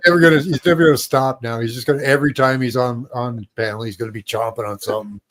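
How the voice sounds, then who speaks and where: A man's voice: medium pitch, fairly even intonation, quick pace, a bit bright. A man on a live-stream panel, joking and chuckling about another guest. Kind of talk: casual live-stream banter.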